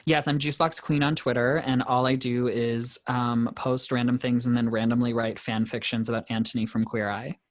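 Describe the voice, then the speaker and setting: A man's voice: medium pitch, flat delivery, moderate pace, few pauses. A young man from Canada, a drag queen guest chatting on a podcast, giggly and gossipy with freely dropped swear words. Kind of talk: casual chat.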